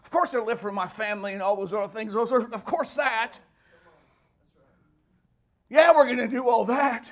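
Male pastor, high voice, fervent sermon delivery with loud shouted peaks. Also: normal speed, long pauses. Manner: fervent preaching, rising to shouts.

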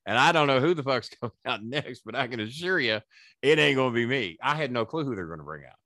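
As a podcast guest, an ex-wrestling manager spins profane, animated tales, imitating the people he quotes. He talks fast at a medium pitch, and the audio is studio quality without any room sound.

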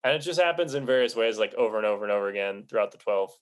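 A man co-hosting a casual, comedic podcast discussion, chatty and quick to laugh. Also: on the low side, animated, smooth. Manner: chatty, laughs often, acts out quotes. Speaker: podcast co-host.

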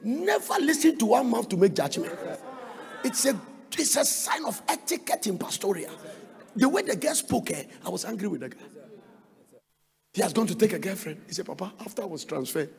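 A man preaches a sermon, his voice high and rough with fry. His pitch leaps up and down constantly. He bursts into shouts and slides into sing-song lines. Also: sing-song, normal speed, pauses often, long reverb tail. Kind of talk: sermon with counseling stories.

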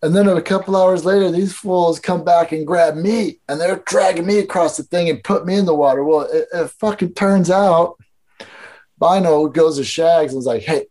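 A man's voice: on the high side, normal speed, a little mellow. Laid-back man telling stories. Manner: loose, swearing, many fillers. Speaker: guest. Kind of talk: casual storytelling chat.

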